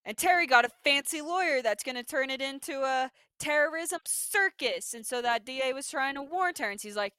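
A young adult woman hosting a podcast, recapping a TV episode in casual chat and acting out the characters with lively energy. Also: high voice, no room sound. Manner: animated, acts out characters' lines in quick bursts. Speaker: podcast host.

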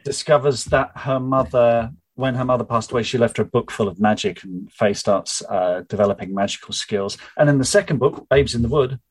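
A man's voice: mid-range voice, a little fast, hardly any pauses, slightly rough, poor audio. A middle-aged man, the book's author, chatting upbeat about his novel and then reading from it aloud. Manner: chatty and upbeat, with small restarts.

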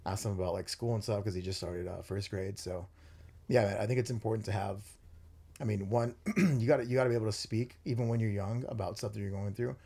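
A man's voice: on the low side, fast talker, vocal fry, mellow, slightly rough. A young man hosting a podcast, talking earnestly with many fillers and restarts. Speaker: podcast host. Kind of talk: casual chat.

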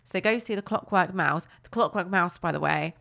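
A woman, chatting casually as a co-host and retelling a cartoon plot with lively, playful put-on voices. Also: moderate pace, gravelly. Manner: animated storytelling with squeaky put-on character voices. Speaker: podcast co-host.

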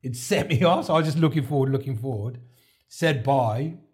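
A man's voice: medium pitch, fairly quick, darkish tone. A man, a podcast guest, telling his story in a chatty way and acting out what others said to him. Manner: chatty, relives events by acting out quoted dialogue. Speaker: podcast guest, heart transplant recipient. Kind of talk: casual interview storytelling.

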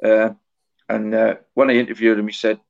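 Middle-aged man, author guest, casual podcast interview, halting anecdotal storyteller, flat even delivery, dull lo-fi audio. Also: fairly low pitch, gravelly.

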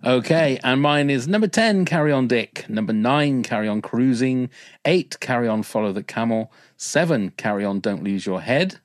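A man's voice: mid-range voice, lively intonation, moderate pace, no room sound, studio quality. A man hosting a podcast, chatting casually and joking, often laughing. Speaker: podcast host.

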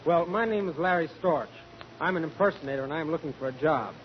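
A man's voice: on the high side, quick pace, natural voice. A man playing an impressionist looking for work, polite and eager, in 1940s radio comedy. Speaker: impersonator. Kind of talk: 1940s radio sitcom acting. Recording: dull lo-fi 1940s radio broadcast with hiss.

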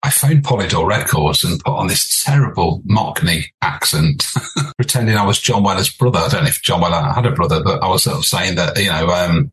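A very deep-voiced older man from England shares his memories as an interview guest. He talks in a lively, anecdotal way, laughing and restarting his sentences. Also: fairly quick, rough recording. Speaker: podcast guest, former band leader. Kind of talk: storytelling interview.

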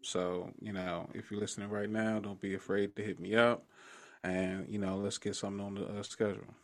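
A man's voice: on the low side, little pitch movement, brisk. A man with a Maryland accent, a podcast host being interviewed, giving an easygoing plug for his show. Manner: easygoing, self-promoting plug. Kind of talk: casual interview talk.

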